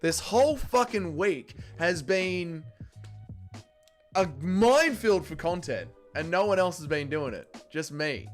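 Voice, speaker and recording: An Australian man hosts a livestream, his fairly high voice swinging up and down as he rants and reads chat aloud. He talks in a rowdy, profane way, with faint music behind him. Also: very animated, unhurried. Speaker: livestream host. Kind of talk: casual livestream chat reading chat messages.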